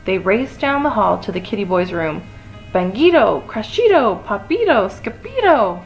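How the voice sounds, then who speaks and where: A woman reading a children's picture book aloud in an expressive, playful way. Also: rough recording. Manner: expressive, playful, lots of pitch swings. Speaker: storyteller.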